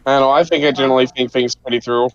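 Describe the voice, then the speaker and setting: Woman putting on a loud, dopey Fred. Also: rumbling low, steady tone, fast, highs cut off, crowd noise, voice pushed down. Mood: goofy.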